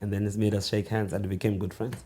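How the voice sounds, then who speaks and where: A South African man in his forties, an author being interviewed, telling stories from his childhood in a reflective way, with restarts and pauses. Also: fairly low pitch, level tone. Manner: reflective, halting restarts, slowing into hushed storytelling. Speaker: author and guest. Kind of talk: conversational interview storytelling.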